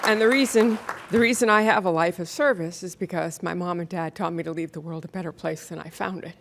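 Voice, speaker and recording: A woman's voice: on the low side, a little fast, creaky, a faint crowd, slight background noise. Emotional woman mayor thanking colleagues. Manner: emotional, chatty, self-correcting. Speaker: county mayor chairing the meeting. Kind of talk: emotional thank-you remarks. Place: county commission chamber.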